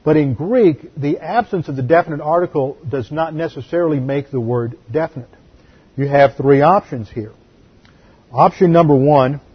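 A man, a pastor, teaching a Bible class in a deliberate, explanatory way and repeating key words. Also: a little high, husky, highs cut off. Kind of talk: sermon-style Bible teaching.

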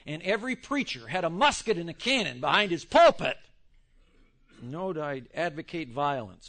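A male preacher with a high, bright voice that swings widely up and down. He preaches in rambling fashion, sliding into quick joking asides. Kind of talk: sermon. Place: church in Texas.

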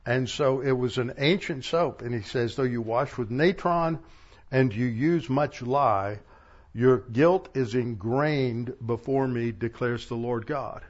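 A male pastor giving a sermon, reading verses aloud and pausing for plain-spoken asides. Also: medium pitch, lo-fi sound. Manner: reads verses aloud, stressing key words, with asides. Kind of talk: sermon teaching from scripture.

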